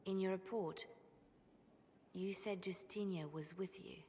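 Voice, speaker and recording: An earnest, probing adviser who speaks in a low, serious tone. Her lines come through as game audio with a long reverb. Faint noise sits behind her. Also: fairly even intonation, a little slow, mellow.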